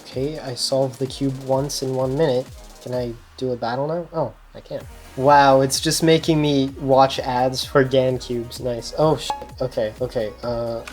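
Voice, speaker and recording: A woman with a deep, low-pitched voice chatters through a casual vlog, nervous and excitable, laughing and swearing as she goes. She is recorded on a small action camera with faint music playing underneath. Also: a little slow. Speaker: speedcubing channel host. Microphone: GoPro camera.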